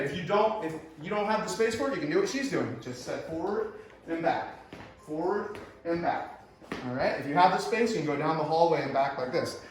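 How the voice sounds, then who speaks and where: A man leading a home workout as a fitness instructor, encouraging and quick with short praise, recorded indoors at home. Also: fairly high pitch, a little hiss or hum. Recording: echoey room, far from the mic.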